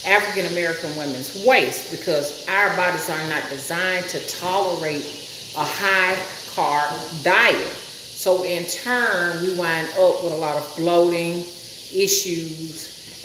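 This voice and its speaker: An older woman hosting a casual live stream from her kitchen, chatty and teasing, laughing often. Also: on the low side. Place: hot kitchen at home. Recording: echoey room with background noise.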